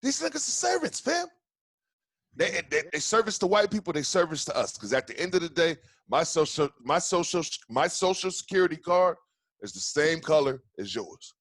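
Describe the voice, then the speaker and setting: A man's voice: on the high side, expressive, moderate pace, fairly bright tone, no room sound. A man hosting a casual podcast, ranting in a heated, profane way with many restarts. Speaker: podcast host.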